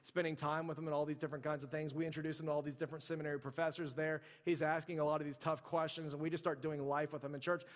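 Pastor preaching in a reverberant hall. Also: male voice, on the high side. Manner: conversational storytelling, heavy use of "like". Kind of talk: sermon.

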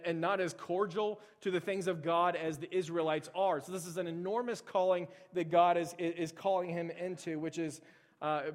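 A man preaching a casual, animated sermon to his church, acting out frightened figures in the story. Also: high voice. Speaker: pastor. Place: church sanctuary. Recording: long hall reverb.

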